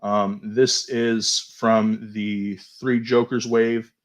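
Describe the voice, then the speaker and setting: A man hosting a toy show, casually going over new action figures, chatty and unhurried, often hedging and fumbling for names. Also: lowish voice, level tone. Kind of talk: casual toy news review.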